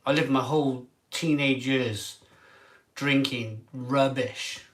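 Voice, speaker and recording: Slow, tearful man. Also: mid-range voice, steady tone, a bit bright. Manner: emotional, halting, trailing off mid-sentence. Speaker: craft beer reviewer. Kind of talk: emotional vlog monologue.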